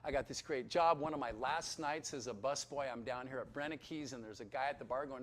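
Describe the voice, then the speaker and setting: A man giving a personal testimony, telling his story with animated delivery and acting out the voices in it. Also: medium pitch, fast talker, hardly any pauses. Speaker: testimony speaker.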